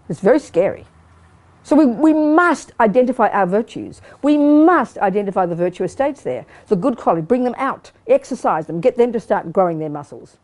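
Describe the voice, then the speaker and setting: Woman dharma teacher with a fairly high voice, blunt and animated, teaching a study group. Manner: acts out quoted inner voices. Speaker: Buddhist teacher. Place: Buddhist study group room.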